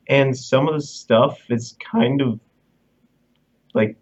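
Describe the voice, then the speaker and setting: A man's voice: medium pitch, steady tone, slow, a little mellow. A young man calling in to a live stream, talking hesitantly with many ums and likes, over lo-fi call audio. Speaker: caller. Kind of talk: casual call-in chat.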